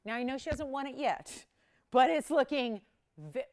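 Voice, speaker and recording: Chatty high-voiced woman jewelry host. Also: normal speed. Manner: chatty, laughs often, lively swings in pitch and volume. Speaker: live jewelry shopping host. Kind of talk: live TV shopping auction chat.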